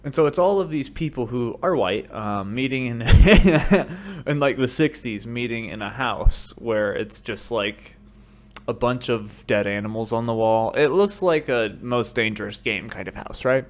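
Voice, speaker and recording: An American man hosting a podcast, telling rambling comedic stories full of swearing that break into shouted rants, speaking into a studio microphone. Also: medium pitch, lively intonation, measured pace. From United States. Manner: profane, rambling storytelling that bursts into shouted rants. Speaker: podcast host. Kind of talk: solo comedic monologue.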